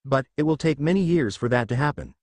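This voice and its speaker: A calm, dry-voiced teenage genius who sounds bored by everything, as a male narrator puts him on. His speech is unhurried but rises and falls a lot. The sound is close and dry. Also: medium pitch, dry recording, natural voice. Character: lazy, sharp-minded teenage boy strategist.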